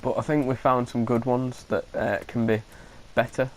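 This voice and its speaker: A man's voice: mid-range voice, level tone, normal speed, rough recording. Hesitant man commentating a game. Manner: hesitant, thinking aloud with frequent restarts. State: coughing now and then. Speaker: gaming commentator. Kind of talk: casual gameplay commentary.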